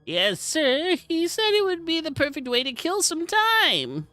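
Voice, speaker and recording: A man voicing a squeaky, eager male underling. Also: huge pitch swings, unhurried, pushed and bright, no room sound, soft background music, exaggerated voice.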